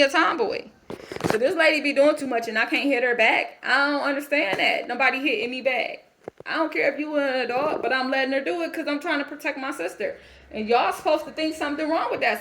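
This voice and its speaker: A woman's voice: high-pitched, bright, forceful tone. A woman playing a defiant young foster girl in a character monologue, ranting in a confrontational, rambling, profane way.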